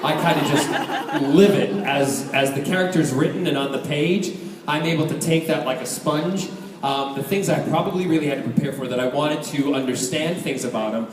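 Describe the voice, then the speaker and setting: A middle-aged man from Scotland, an actor answering fan questions at a live convention panel, animated and joking, laughing often. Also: fairly high pitch, normal speed. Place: large convention hall. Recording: echoey convention hall from a distance, loud crowd noise.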